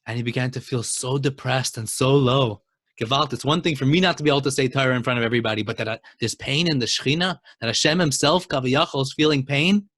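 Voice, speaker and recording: A man teaching a Torah lesson and telling a story, speaking emphatically and building to excited exclamations. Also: mid-range voice, fast, no room sound, clean studio sound.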